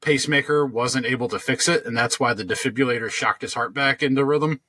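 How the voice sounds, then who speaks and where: A man's voice: mid-range voice, brisk, sharp tone, no room sound. A man co-hosting a podcast, telling a long story in casual chat, rambling with lots of fillers and restarts. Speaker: podcast co-host.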